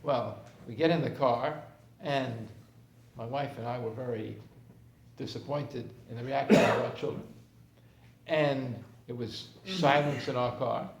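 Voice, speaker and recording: A man's voice: medium pitch, measured pace. Man telling a story in a roomy room. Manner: anecdotal, conversational, acts out scenes. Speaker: therapist giving a talk. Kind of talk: storytelling lecture to a group. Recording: roomy room with faint background noise.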